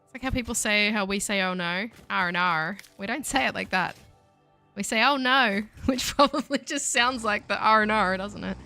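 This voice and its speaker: Bright-voiced Australian woman streaming a game. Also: medium pitch, normal speed, faint music behind. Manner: chatty, playful, talks to her chat as she plays. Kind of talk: casual live-stream chat while gaming.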